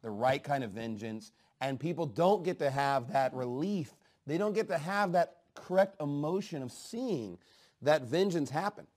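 A man preaching a fiery sermon, swinging from low asides to loud, emphatic outbursts. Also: lively intonation, a little slow. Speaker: pastor.

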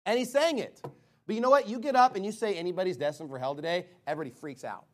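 A man preaching a fiery sermon who reads scripture aloud, throws rhetorical questions at the congregation and bursts into shouted lines. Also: high voice, quick pace, a little hiss or hum.

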